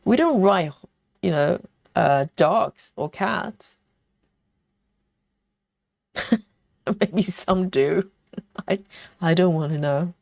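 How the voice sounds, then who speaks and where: A woman's voice: lowish voice, drawn-out words, creaky, long pauses, a little mellow, no echo, clean studio sound. A woman hosting a cross-stitch livestream, chatting casually, reading viewer comments and counting stitches, with lots of fillers. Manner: many fillers and self-interruptions. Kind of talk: casual chat while stitching live.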